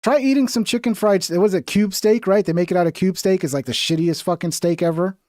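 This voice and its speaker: A man's voice: high-pitched, fast, darkish tone, dry recording, clean studio sound. A man from the United States giving rambling, profane, mocking commentary while reacting to clips on a stream.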